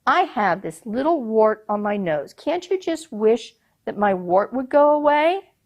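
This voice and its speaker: Brief: imperious folk-tale Sultan, lifted and loud, voiced by a woman. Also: a little high, very animated, a little slow. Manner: grand, imperious, coaxing. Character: proud, commanding Sultan, a ruler.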